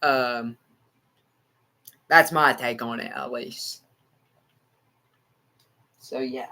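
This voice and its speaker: A man's voice: medium pitch, fairly even intonation, very slow, bright, forceful tone. A man with an American country accent giving rambling, repetitive live football reaction and talking to his chat. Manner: rambling, repeats himself, talks to chat. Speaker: livestream sports reactor.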